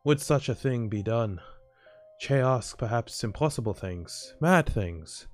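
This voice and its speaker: A man voicing a weary mystical questgiver in a game, speaking quietly with odd formal phrasing and a made-up accent. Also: medium pitch, animated, a little slow, faint music behind, natural voice. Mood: pleading.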